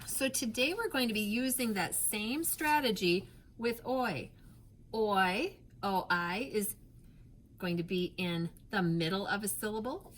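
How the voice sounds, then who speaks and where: A woman teaching a phonics lesson to young children, patient and clear, stretching out sounds and spelling letters one by one. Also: medium pitch, fairly bright tone, slight background noise.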